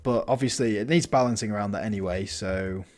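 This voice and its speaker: A man's voice: on the low side, a little fast, a little mellow. A man talking through a building game in casual let's-play commentary, thinking aloud and restarting his sentences. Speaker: gaming channel host.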